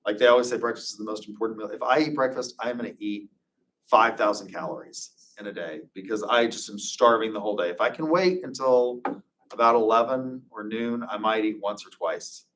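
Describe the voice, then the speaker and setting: A man's voice: on the low side, steady tone, a little fast, fairly bright tone, distant mic. A man giving an informal classroom lecture, chatty and anecdotal, drifting into loose personal stories. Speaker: instructor.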